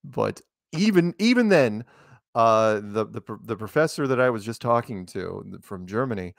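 A man's voice: on the low side, creaky, dry recording, studio quality. A man chatting casually as an interview guest, rambling and laughing often. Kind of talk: casual comedic interview chat.

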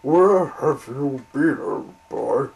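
A man's voice: mid-range voice, animated, extremely slow, gravelly, darkish tone, slightly rough, voice pushed up, heavily acted, poor audio. A man voicing a fussy, eager little steam engine in a children's story. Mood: fretful.

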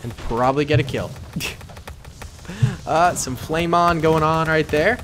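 A man giving casual, excitable game commentary and cheering on units as he watches. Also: on the high side, measured pace, slight background noise. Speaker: gameplay commentator.

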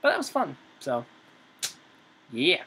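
A man's voice: fairly high pitch, huge pitch swings, slow pace, gravelly, sharp tone, slight background noise. A man giving let's play commentary on a horror game, jumpy and nervous, talking to himself as he plays. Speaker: gamer.

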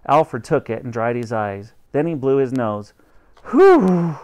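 A man reading a children's novel aloud chapter by chapter for students, expressive and animated. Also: mid-range voice, normal speed, clean tone. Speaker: audiobook reader for students.

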